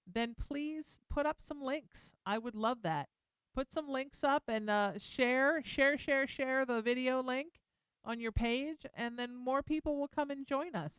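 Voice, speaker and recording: A woman's voice: fairly high pitch, smooth, dry recording, clean studio sound. A middle-aged woman hosting a call-in radio show, chatty and playful, teasing herself and reassuring callers. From Irish heritage. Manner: chatty, playful and self-mocking, warm toward callers. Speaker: radio talk show host. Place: radio studio.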